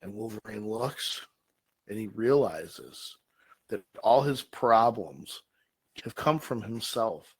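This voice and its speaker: This podcast co-host speaks slowly in a lowish, slightly rough voice, and the audio is poor. On a comedy show, he energetically tells an invented bar-fight story, swearing heavily throughout.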